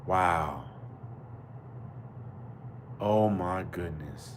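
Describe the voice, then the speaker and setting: A man's voice: sits low, extremely slow, a little hiss or hum. A man hosting a live boxing podcast chat, outraged and slangy, repeating his exclamations. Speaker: podcast host. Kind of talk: live fight commentary chat.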